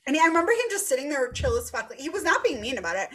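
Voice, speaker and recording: An animated woman in her thirties tells a story on a casual podcast. Her voice sits a little high. She laughs often and swears freely as she talks. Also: very fast. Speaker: podcast host.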